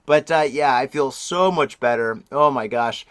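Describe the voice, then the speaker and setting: A man's voice: medium pitch, moderate pace, a bit bright, no echo. Chatty, rambling man with a dry close sound. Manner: rambling, chatty, exclaims and laughs often. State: recovering from strep throat, voice a bit deeper. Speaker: podcast host. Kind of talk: casual podcast chat.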